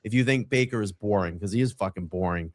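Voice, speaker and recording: A man's voice: fairly low pitch, fast, no echo. A man co-hosting a casual streaming chat show, brash and profane, mocking others. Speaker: co-host. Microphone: streaming mic.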